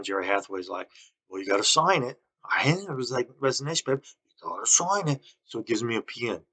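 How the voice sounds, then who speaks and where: A man recording a rambling, halting monologue full of accusations and restarts. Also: low-pitched, a bit bright, husky. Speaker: vlogger.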